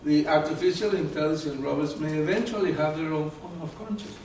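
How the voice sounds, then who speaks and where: A man giving a live talk to an audience, animated and often repeating words as he searches for terms. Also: fairly high pitch, fast, a little hiss or hum. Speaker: presenter. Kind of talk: live lecture with audience questions. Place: meeting room with an audience. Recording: very echoey room from far off.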